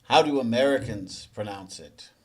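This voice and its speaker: A man teaching English. He asks the viewer quiz questions, then explains the answers in a relaxed, conversational way. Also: medium pitch, moderate pace. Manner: relaxed and conversational, with small restarts. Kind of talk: explanatory lesson narration.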